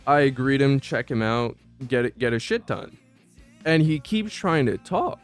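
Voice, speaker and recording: A man's voice: medium pitch, very animated, unhurried. A man casually telling stories from his old job, slangy and profane, stumbling over restarts. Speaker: vlogger recounting old job. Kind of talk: casual storytelling. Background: faint background music.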